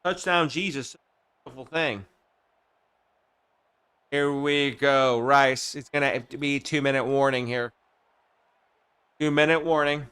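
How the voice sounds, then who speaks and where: A man's voice: mid-range voice, slow, pauses often, smooth. A man live-streaming a football video game, calling the plays and chatting with his viewers, sometimes drifting away from his mic. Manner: bursts into excited play calls, then drops to quiet chat asides. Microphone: desk mic he drifts away from.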